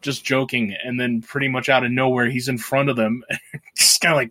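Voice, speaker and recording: Podcast co-host, male, loose rambling plot recap, salty language, mid-range pitch. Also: little pitch movement, brisk, pushed and bright. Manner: rambling, swears freely, laughs while retelling. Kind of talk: casual film recap.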